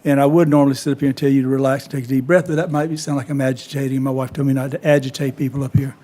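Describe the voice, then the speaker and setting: A man, a county council member speaking in a halting, conciliatory way at a meeting. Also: mid-range voice, steady tone, mellow.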